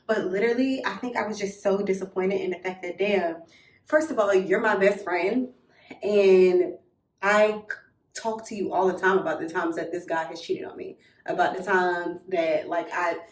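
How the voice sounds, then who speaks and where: A young woman telling a personal story in a casual, animated way, blunt and swearing freely. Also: medium pitch, normal speed, recorded from a distance. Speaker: storytime vlogger. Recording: roomy echo, a little off mic.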